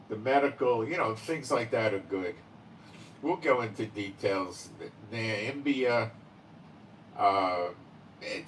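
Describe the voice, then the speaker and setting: A man's voice: lowish voice, fairly bright tone, far from the mic, a little hiss or hum, rough recording. A man hosting his own channel, talking in a rambling casual monologue full of fillers and "okay?" tag questions. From Israel. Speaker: channel host.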